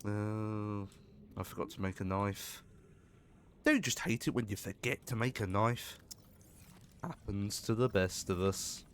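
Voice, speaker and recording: A man's voice: fairly low pitch, unhurried, long pauses, slight background noise. A man giving casual gameplay commentary, chatty and jokey, swearing when startled. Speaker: gaming streamer.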